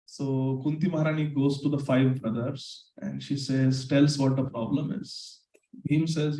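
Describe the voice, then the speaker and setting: A man telling a story to children, animated and acting out the characters. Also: mid-range voice, unhurried, recorded from a distance. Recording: echoey room, off-mic.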